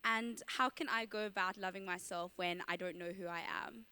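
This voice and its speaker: A woman's voice: medium pitch, normal speed, clean tone. A teenage girl in the audience politely asking the speaker a question. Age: teens. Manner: polite, soft-spoken question.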